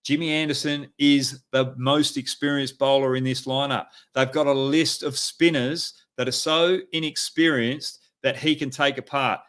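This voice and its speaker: A middle-aged Australian man talks at an ordinary pitch for a man, breaking down play like a coach. He leans hard on his warnings and keeps his points plain, with frequent fillers as he thinks aloud. His voice sits in a middle register, neither deep nor high. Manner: animated, emphatic coaching talk with frequent fillers. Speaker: host. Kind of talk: live cricket analysis.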